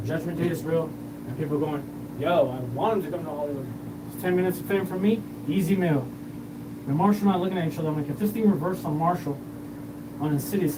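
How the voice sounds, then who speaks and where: A man rambling through a profane, scattered monologue as the host of his own show. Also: fairly high pitch. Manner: rambling, profane, jumps between topics. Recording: distant mic with noticeable room hum.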